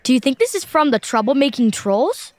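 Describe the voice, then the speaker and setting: A wisecracking kid adventurer who boasts and grumbles, played by a woman in a family audio adventure. The voice sits high and leaps about in pitch. The recording is dry and close. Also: very animated, a little fast, darkish tone, dry recording. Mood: playful. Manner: wisecracking, impatient. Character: Max, cheeky sporty kid adventurer. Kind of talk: children's audio drama.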